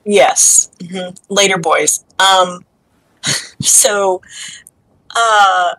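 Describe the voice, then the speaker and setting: A woman's voice: mid-range voice, steady tone, drawn-out words, pushed and bright, dry recording, low-quality recording. A woman playing in a tabletop game, reacting casually and hesitantly with many fillers. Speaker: player.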